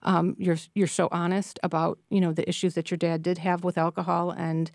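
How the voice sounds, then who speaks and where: Female host, chatty and enthusiastic, lowish voice, dry studio sound. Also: flat delivery, fairly quick, creaky, darkish tone, no room sound. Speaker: interviewer. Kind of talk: interview.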